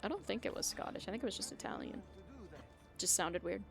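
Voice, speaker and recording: A woman's voice: medium pitch, animated, fast talker, vocal fry, music in the background. A young woman streaming a video game, chatting with her viewers in a rambling, casual way and often losing her train of thought. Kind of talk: casual live-stream chat while gaming.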